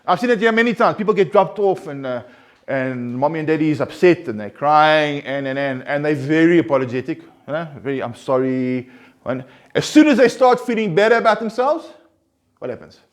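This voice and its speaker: Male recovery counselor, a touch higher-pitched, earnest and informal, restarts often and pushes key points up. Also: expressive, a little fast. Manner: earnest, conversational, with frequent restarts and rising emphasis. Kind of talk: informal group talk.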